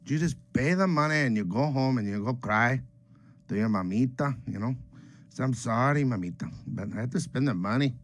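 A man's voice: medium pitch, normal speed, lightly acted. A man voicing a boastful, joking streetwise homeboy character who rambles and mixes Spanish slang words into his English, in a comedic character monologue. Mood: swaggering. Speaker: comic book collecting vlogger.

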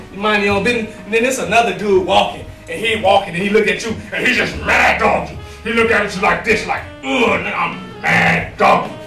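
A man's voice: sits high, pushed and bright, roomy sound, far from the mic. A man doing a crude, rambling stand-up comedy set in a small, nearly empty club, laughing at his own jokes.

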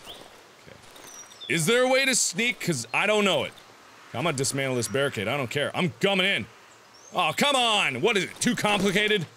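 A man in his twenties commenting as he plays a horror game, yelping and shouting when startled and talking back to the game. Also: fairly high pitch, background noise. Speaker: gameplay commentator.

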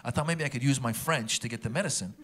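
A man performing a stand-up comedy set, animated and acting out the people in his stories. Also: mid-range voice, fast. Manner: animated, acts out characters. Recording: live stage recording with a loud audience. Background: loud audience laughter.

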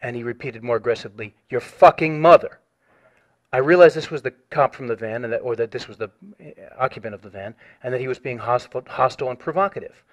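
A man reading out a written complaint on a phone call, measured and formal, turning insistent when pressed. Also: medium pitch. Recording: dull lo-fi audio.

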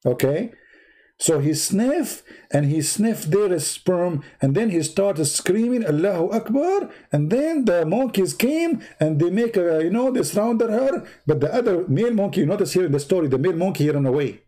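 Man mocking a story in broken English. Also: moderate pace. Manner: mocking, animated storytelling with big pitch swings; broken non-native English. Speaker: livestream host. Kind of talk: casual livestream commentary.

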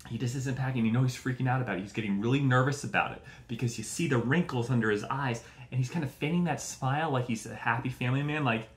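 Talking fast with few pauses, this man hosts a comedy show from an echoey room in a medium-pitched voice. His rant is profane, rambling and mocking, and he performs the voices of the people he quotes.

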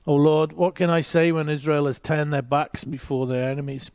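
Guy reading the bible and chatting about it, kinda high voice, dry room. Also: little pitch movement, moderate pace, a little mellow, clean tone, no room sound. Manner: reads aloud with short asides to listeners. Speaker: Bible teacher. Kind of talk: reading scripture and teaching.

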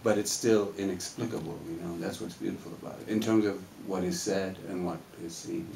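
Deep-voiced man rambling in an echoey hall. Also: fairly quick, creaky, distant mic, background noise. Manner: rambling, animated, laughs while telling. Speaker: actor on a film Q&A panel. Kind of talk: casual live Q&A storytelling. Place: cinema hall with audience. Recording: echoey hall, mic heard from afar.

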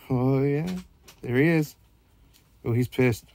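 Gravelly man mock-scolding his dog. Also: mid-range voice, fairly even intonation, takes it slowly, a little mellow. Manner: teasing, playfully stern. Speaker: dog owner filming his pets.

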